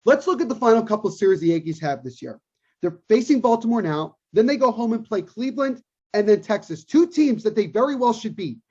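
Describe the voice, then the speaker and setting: A man with a husky, breathy edge holds forth on a sports podcast, emphatic and opinionated. He hammers his points home by repeating them. The sound is muffled and lo-fi. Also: high voice, animated, fairly quick, a little mellow. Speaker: podcast co-host. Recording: dull lo-fi recording.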